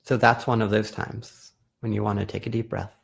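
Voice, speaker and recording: A man hosting a live video as a therapist, explaining calmly in a casual, self-correcting way. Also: lowish voice, moderate pace, gravelly, breathy edge. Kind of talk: casual live-stream talk.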